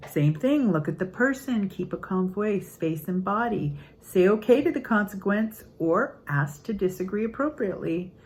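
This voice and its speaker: An older woman, a grandmother, giving an earnest, upbeat casual talk on parenting, acting out quotes in lively voices. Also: mid-range voice, normal speed, few pauses, poor audio. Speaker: parenting channel host.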